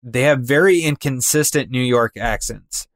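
A man's voice: medium pitch, moderate pace, no echo, studio quality. A man co-hosting a casual podcast, talking animatedly and mimicking voices for effect. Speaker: podcast co-host. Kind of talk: casual chat.

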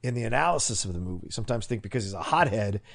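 Guy cohosting a movie podcast, bouncy pitch, kinda gravelly, rambles. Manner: animated, rambling, quick to laugh. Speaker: film podcast co-host. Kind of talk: casual film discussion.

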